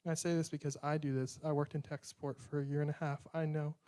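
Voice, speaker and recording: A man's voice: a little high, flat delivery, fast talker, dark tone, smooth. A young man preaching a sermon in a conversational way, acting out prayers and bits of dialogue.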